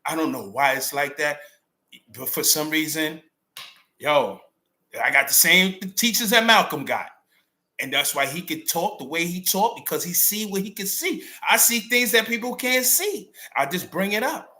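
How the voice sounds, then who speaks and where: A man's voice: fairly high pitch, expressive, moderate pace, pushed and bright. A middle-aged man with a New York accent giving an emphatic, unscripted commentary monologue full of street slang. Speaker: channel host.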